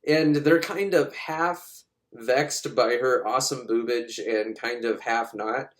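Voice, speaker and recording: A man giving a casual, profane, sarcastic comedic recap of a movie, acting out the characters in quick voices. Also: medium pitch.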